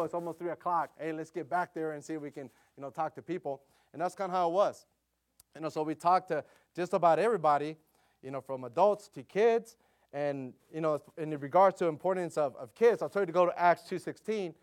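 A man preaching a sermon, telling a missionary story in a loose, conversational way with many fillers, often turning loud and emphatic. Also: fairly high pitch.

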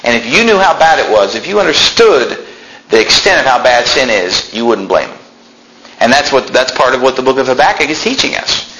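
A middle-aged man preaching a sermon as pastor, fiery, swinging between loud peaks and low intense passages. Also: expressive, a little fast, roomy sound, slight background noise, low-quality recording.

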